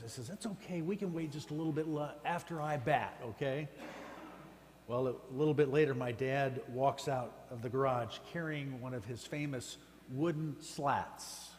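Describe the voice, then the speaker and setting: A man preaching a sermon as pastor, with emphatic, rising exclamations. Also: a little high. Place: church sanctuary. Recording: church hall reverb with faint hum.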